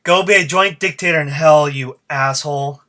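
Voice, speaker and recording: A man rants alone into his podcast mic, swearing freely and working himself into a fired-up state. His voice has a bright, cutting edge throughout. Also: fairly high pitch, moderate pace. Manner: fired-up, profane, ranting. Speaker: podcast host. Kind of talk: solo podcast rant.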